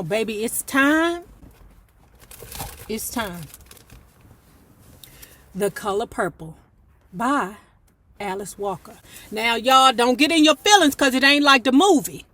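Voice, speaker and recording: A woman hosting a book club, reading a novel aloud and breaking off into animated, slangy, profane commentary. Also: fairly high pitch. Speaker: YouTuber and book club host.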